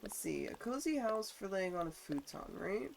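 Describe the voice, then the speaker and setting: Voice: mid-range voice, very animated, moderate pace, vocal fry, soft background music. A congested live-streamer chatting casually while building, playful and prone to sing-song nonsense humming and mock-formal phrasing. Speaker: livestreamer.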